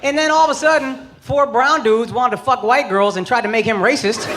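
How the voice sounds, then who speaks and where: A very high-voiced man in his thirties does a brash, profane, punchy stand-up set into a handheld mic on a club stage. He talks fairly quickly with hardly any pauses, while loud laughter and noise from the crowd fill the recording.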